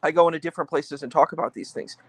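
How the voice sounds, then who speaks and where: Earnest male guest, a touch high, dry close recording. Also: fairly even intonation, rapid-fire, fairly bright tone, husky, no echo. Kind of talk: casual debate chat.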